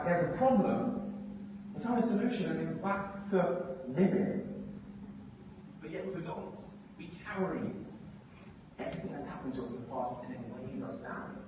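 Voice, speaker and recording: A man's voice: a little high, noisy background. A young man from England with an English accent, telling his story as a live motivational speaker, acting out voices and stirring up the crowd. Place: large hall on stage. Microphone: far from mic. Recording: echoey hall, far from mic.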